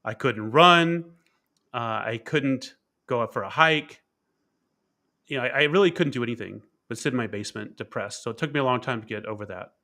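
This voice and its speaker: Interview guest, man, bright and forceful tone, candid and reflective storytelling, frequent fillers and repeated words. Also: medium pitch, fairly quick. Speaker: keynote speaker and author being interviewed.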